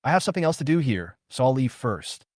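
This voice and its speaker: A man's voice: mid-range voice, sing-song, fast, a little mellow, no echo, studio quality, natural voice. A man voicing a scheming male office director who is shocked and flustered. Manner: flustered, hasty. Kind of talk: recap narration with quoted lines.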